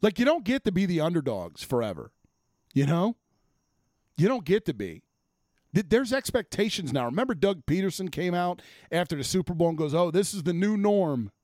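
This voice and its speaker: A man's voice: high voice, big pitch swings, brisk, a little mellow, dry recording, studio quality. A man ranting about sports as a host, blunt and exasperated, swearing freely. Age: adult, former offensive lineman. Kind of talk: profane sports rant.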